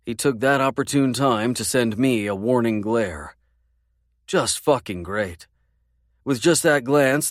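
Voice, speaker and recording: A man narrating a first-person romance audiobook in a measured, intimate way. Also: mid-range voice, no echo, clean studio sound.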